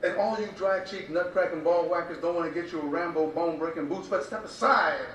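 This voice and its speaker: Performing spoken-word poetry, a man uses a rhythmic, repetitive and impassioned cadence, speaking briskly in a slightly high, somewhat bright voice. He is far from the mic in a very echoey room, with slight background noise.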